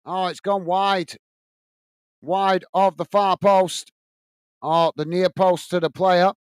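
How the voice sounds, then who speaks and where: A man from England hosting a live football watch-along, calling the play and chatting with viewers in a chatty manner that quickly turns to ranting. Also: sits high, little pitch movement, smooth, no room sound. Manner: chatty, reads out viewer messages, quick to rant. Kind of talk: live football commentary and chat.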